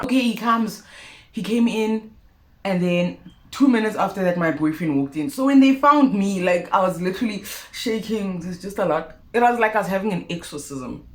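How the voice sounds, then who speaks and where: A young South African woman telling a personal story to her viewers in a vlog, expressive and animated. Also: medium pitch, fairly quick. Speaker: YouTuber. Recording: roomy echo.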